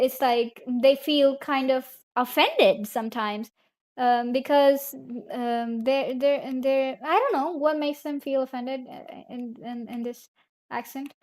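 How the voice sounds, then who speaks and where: Young woman, from India, live-stream chat, rambling, answers chat aloud, slightly high voice. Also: darkish tone.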